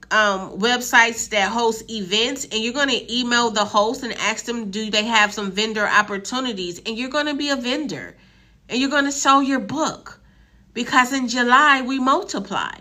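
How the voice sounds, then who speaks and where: A woman hosting a live stream with a bright, forceful voice pitched a little high. She drives her points home like a preacher, repeating her key lines and checking in with her viewers. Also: normal speed. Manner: emphatic and repetitive, preacher-like exhortation; directly addresses viewers with frequent "right?". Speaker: publishing company head hosting a live stream. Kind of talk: motivational live-stream talk.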